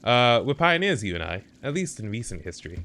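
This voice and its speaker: A man's voice: low-pitched, expressive. A man doing a musing old map-maker. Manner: reading a game character's lines aloud in a put-on voice, slower and unhurried. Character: wandering male map-maker, chatty and musing. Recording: noisy stream audio with clicks.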